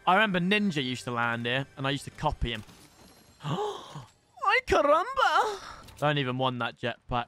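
A young man commentating his own live game stream, excitable and swearing, often shouting at other players. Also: medium pitch, fast talker, few pauses, clean tone.

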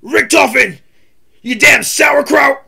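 Man putting on a hot-headed soldier who barks loud and high, game-character impression. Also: slow, creaky, full character voice. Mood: angry shouting. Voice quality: loud, barking. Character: gruff shouting male soldier, middle-aged, hot-tempered.

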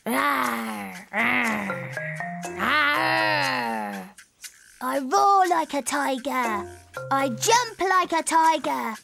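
A woman's voice: high-pitched, big pitch swings, drawn-out words, gravelly, pauses often, heavily acted. Trotro, a playful little boy donkey. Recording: children's music playing behind.

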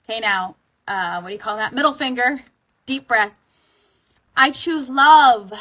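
A woman with a bright, breathy voice leads a guided tapping session in a relaxed, informal way. She sighs out loud on the exhales and sometimes leans hard on a phrase for emphasis. Her pitch sits in an ordinary middle range. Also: fairly quick, rough recording. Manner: soothing, sighing, informal with bursts of emphasis.

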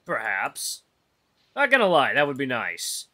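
A man's voice: medium pitch, huge pitch swings, measured pace, sharp tone, heavily acted. A man voicing a serious young male wolf heir as he reads a visual novel aloud, with an earnest, solemn delivery. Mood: resigned. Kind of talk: voiced visual novel reading.

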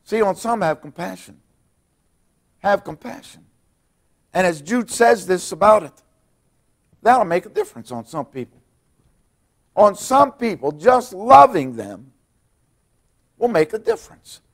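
A middle-aged male pastor preaching a sermon in a church, swinging between hushed, quiet passages and loud, emphatic ones. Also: high-pitched, sing-song, unhurried, pauses often. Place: church sanctuary.

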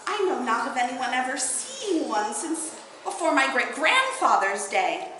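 A woman's voice: high voice, sing-song, measured pace, background noise. A woman doing a solemn musing king. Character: worried old-fashioned male king. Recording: very echoey hall.

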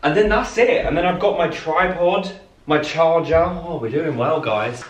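A young man in a hotel room talking to camera in a casual travel vlog, gushing and excitable with lots of exclamations. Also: a little high, unhurried, a little hiss or hum. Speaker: travel vlogger. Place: seaside hotel room, indoors.

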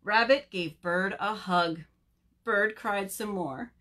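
A woman librarian leading a virtual story time, reading a picture book aloud and chatting to young children in an animated way. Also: mid-range voice. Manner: animated, slow, talks to children.

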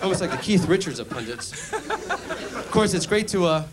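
A man performing a stand-up comedy routine on a club stage, delivering deadpan jokes and playing mock call-in phone bits. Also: sits high, moderate pace, a loud crowd.

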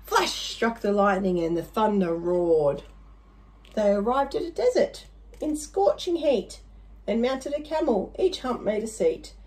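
A woman's voice: mid-range voice, unhurried, poor audio. Playful woman reading a rhyming storybook. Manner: expressive and playful, with asides to the listener.

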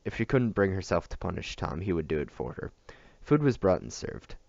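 Deep, gravelly man reading a novel. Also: sing-song, brisk, darkish tone, no room sound, lo-fi sound. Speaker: audiobook reader.

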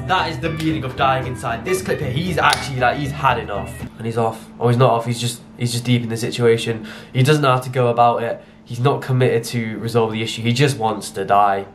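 Young british guy reacting to funny clips, chatty and loud at times, music in the back. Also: fairly high pitch. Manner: chatty, jokey, with sudden exclamations and laughs. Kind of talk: casual reaction commentary.

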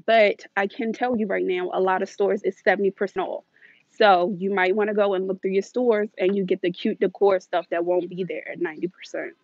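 An American woman vlogs live from inside a large store, holding her phone as she walks and chatting in a casual, scattered way with frequent laughter. Her medium-pitched voice is fairly even and a little fast. The phone audio is dull and dry, with no room sound.

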